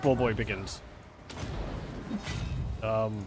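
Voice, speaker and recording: A man's voice: on the low side, lively intonation, slow pace, darkish tone, slight background noise. A man giving casual, wry let's-play commentary on a strategy game, chatting and laughing along.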